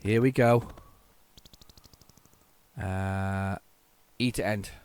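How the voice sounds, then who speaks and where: A man hosting a retro gaming channel, giving chatty, excitable gameplay commentary with jokey, self-mocking asides to his viewers. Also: sits low, very slow, clean tone. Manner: excitable, chatty, talks to viewers while playing.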